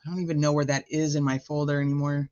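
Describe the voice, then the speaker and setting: A woman's voice: deep voice, level tone, quick pace, darkish tone, no room sound, dull audio. A middle-aged woman hosting a casual live stream, swearing freely, laughing often and sounding a bit scattered.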